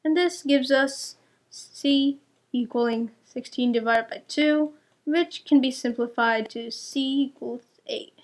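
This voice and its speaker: High-voiced, slow-paced woman teaching algebra. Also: steady tone. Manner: patient, walks through each step and checks answers. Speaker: math tutor. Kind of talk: explaining step by step to young students.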